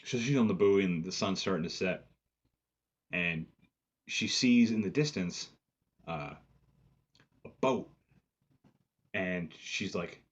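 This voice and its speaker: Deep husky man in a profane recap. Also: slow, long pauses, dull audio. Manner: profane, rambling, lots of "like" fillers. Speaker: movie reviewer. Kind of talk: casual film review recap.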